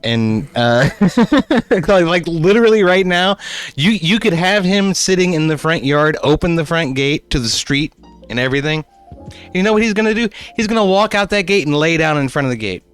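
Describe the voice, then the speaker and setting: A man's voice: fairly high pitch, normal speed, clean tone, soft background music. A man streaming live, casually telling a story, swearing a lot and laughing often. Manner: profane, laughing, animated.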